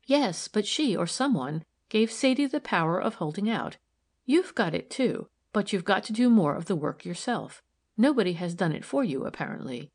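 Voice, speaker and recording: Brief: woman reader as a stern, keen-eyed case worker, crisp and proper, raised pitch. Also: sing-song, moderate pace. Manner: crisp, sharp and correct.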